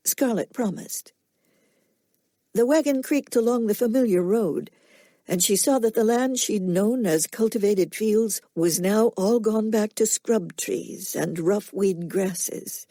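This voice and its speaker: A woman narrates a novel at a slow, deliberate pace. Her voice is mellow and warm. The recording is dry and close. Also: medium pitch, no room sound. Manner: measured, unhurried storytelling. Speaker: audiobook narrator. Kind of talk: scripted narration.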